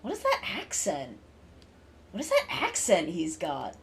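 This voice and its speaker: Excitable woman streamer, very lively pitch. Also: unhurried, vocal fry, slight background noise. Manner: chatty, excitable, swears. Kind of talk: casual live-stream gaming chat. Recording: stream with game music behind.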